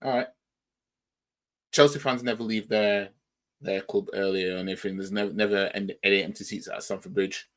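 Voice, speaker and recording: A man's voice: on the low side, fairly even intonation, moderate pace. A man with a Yorkshire accent hosting a football reaction channel, talking in a rambling, argumentative way and firing off rhetorical questions. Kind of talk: casual reaction commentary.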